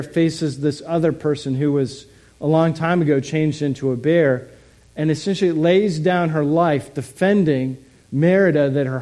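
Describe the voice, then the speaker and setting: Mellow-voiced male pastor. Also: fairly high pitch. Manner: conversational, asking the congregation questions. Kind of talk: sermon.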